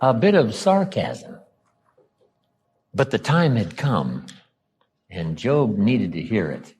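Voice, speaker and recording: A man from the United States giving a motivational seminar talk, acting out quoted lines and dropping his voice low for emphasis. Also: sing-song, slow, a little mellow, husky. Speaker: motivational speaker.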